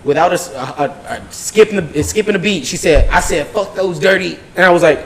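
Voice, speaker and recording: Animated profane man telling a story. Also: high-pitched, fairly quick, hardly any pauses, poor audio. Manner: animated, profane, acts out quotes. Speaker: podcast co-host. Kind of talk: casual storytelling.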